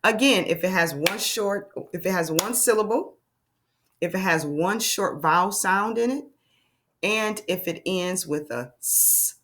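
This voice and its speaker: A woman teaching a children's phonics lesson, upbeat and drawn-out, sounding out letters for young kids. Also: medium pitch, lively intonation, fairly bright tone.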